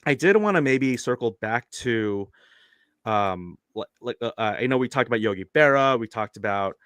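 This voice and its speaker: Male podcast host, mid pitch, halting casual delivery full of fillers, dry close recording. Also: expressive, a bit bright, clear, resonant tone, no room sound. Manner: rambling, hesitant, many fillers. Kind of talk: live-streamed podcast chat.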